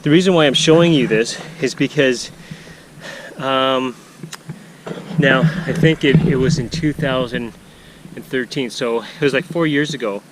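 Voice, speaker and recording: A man's voice: medium pitch, measured pace, background noise. A man narrating a casual canoe-trip vlog outdoors on a forest portage, rambling with many fillers and restarts. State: out of breath.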